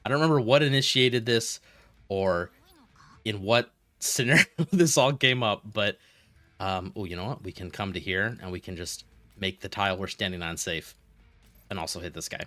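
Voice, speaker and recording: A man streaming a game, chatting casually with viewers and telling rambling, animated stories between moves. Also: on the low side, normal speed, no echo. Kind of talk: casual gaming stream chat.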